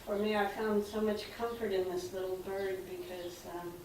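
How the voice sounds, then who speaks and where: Woman sharing something personal at a seminar, soft and hesitant, flat low voice, far off mic in a super echoey room. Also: moderate pace, a little hiss or hum. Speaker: seminar participant.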